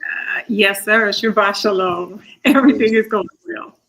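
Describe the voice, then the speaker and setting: A woman minister with a Southern US accent joining a livestream as a guest, answering politely with soft laughs. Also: medium pitch, unhurried, rough recording.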